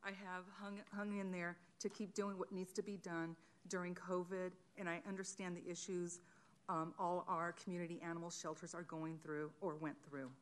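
A woman's voice: fairly low pitch, flat delivery, moderate pace. A woman who volunteers at an animal shelter, speaking firmly in a public comment at a council meeting. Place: council chamber.

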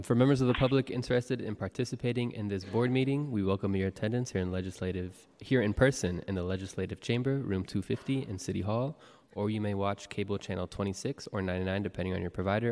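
Man, meeting clerk, lowish voice, formal procedural reading, reverberant chamber. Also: fast talker, darkish tone. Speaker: board clerk. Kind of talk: reading roll call and announcements. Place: city hall legislative chamber. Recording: long reverb of a large chamber.

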